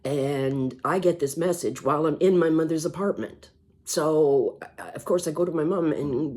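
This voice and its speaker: A middle-aged woman telling a personal story in a vlog, halting and sighing, often restarting her words. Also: low-pitched, a little mellow. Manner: halting, repeats words, sighs. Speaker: vlogger.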